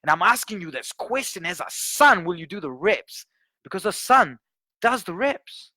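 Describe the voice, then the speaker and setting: A man preaching a sermon, telling a story with animated voices and building to emphatic points. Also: sits high, normal speed, dry recording. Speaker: guest preacher.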